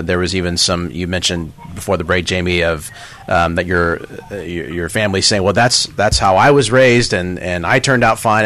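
A man's voice: deep voice, fairly bright tone, a little hiss or hum. A man hosting a call-in radio show, recapping the caller's story and passing to co-hosts. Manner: friendly, recapping for listeners. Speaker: radio show guest host.

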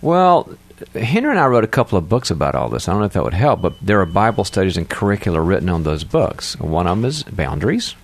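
Man, radio co-host, giving advice, very low voice, explanatory. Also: sing-song, quick pace. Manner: explanatory, runs through references in long sentences. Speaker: radio show co-host, psychologist.

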